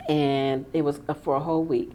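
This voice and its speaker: A woman hosting a podcast, chatting casually and telling animated stories, acting out the voices of the people she quotes. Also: sits low, a little fast, slight background noise. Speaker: podcast host. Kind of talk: casual chat.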